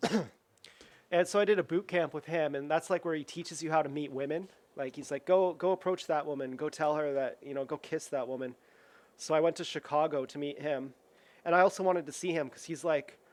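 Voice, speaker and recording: A young man tells a rambling story while cooking at home, with lots of "like", restarts and acted-out quotes. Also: a little high. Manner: rambling, full of "like" and restarts, acts out quoted voices. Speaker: vlogger.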